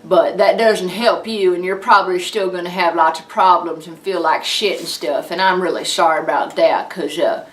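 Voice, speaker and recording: Woman doing a gruff Southern redneck doctor. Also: fairly low pitch, fairly even intonation, normal speed, hardly any pauses, reverberant, recorded from a distance, close to an everyday voice, poor audio. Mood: blunt. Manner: drawling, folksy and blunt.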